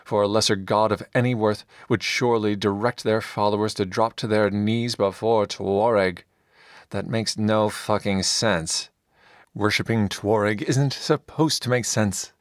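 Man doing a zealot paladin, commanding, proclaiming, low voice, dry close sound. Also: steady tone, measured pace, dry recording, lightly acted. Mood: zealous. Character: fanatical zealot paladin, booming and self-righteous.

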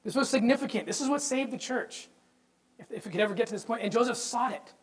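A man giving an impassioned lecture on religious history. He speaks emphatically, asks the audience rhetorical questions and repeats words when he gets excited. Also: extremely high pitch, fast, low-quality recording. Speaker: presenter.

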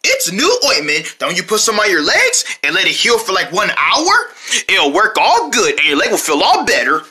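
A woman's voice: mid-range voice, huge pitch swings, normal speed, pushed and bright, breathy edge. A woman narrating playful homemade mock commercials, jumping between silly voices. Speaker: host of homemade parody commercials.

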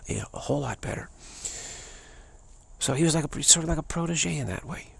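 Casting: gravelly, raspy male teacher, rambling, stammering delivery. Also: a little high, lively intonation, a little fast, fairly bright tone. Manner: rambling, many restarts and stammers, laughs often. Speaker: spiritual teacher. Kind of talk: casual spoken talk.

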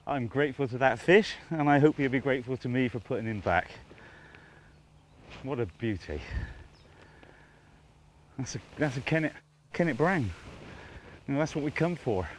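A man's voice: medium pitch, animated, moderate pace, long pauses, a little hiss or hum. A man presenting a fishing show outdoors on a riverbank, talking with admiring enthusiasm, half to himself. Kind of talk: casual outdoor presenting to camera.

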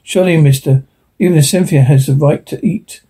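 A man's voice: a little high, brisk, dark tone, lightly acted. A man reading the part of a timid male native tribesman on an alien world, speaking in a hesitant, pleading way.

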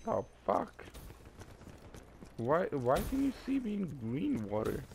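Cursing young man yelling over gunfire. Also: fairly high pitch, huge pitch swings, takes it slowly, vocal fry, slight background noise. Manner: profane, exasperated, yelling in frustration. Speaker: gaming YouTuber. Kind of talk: live gameplay commentary. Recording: game gunfire behind voice.

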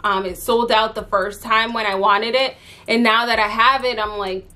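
A woman's voice: fairly high pitch, fairly even intonation, moderate pace, bright, forceful tone. A young adult woman chatting casually through a handbag unboxing, chatty and exasperated, full of fillers. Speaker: fashion vlogger.

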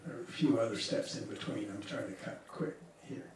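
A man's voice: fairly low pitch, brisk. Man lecturing in an echoey hall. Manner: lively storyteller who acts out the people he quotes; frequent hesitations and restarts. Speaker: psychologist leading a seminar. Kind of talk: seminar lecture with case story. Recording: echoey hall from far off, faint noise.

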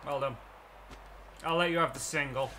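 Brief: young man, let's-play commentator, bright high voice, faint hiss on the mic. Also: moderate pace. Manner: excitable, swings into shouting at plays. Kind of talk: live gameplay commentary.

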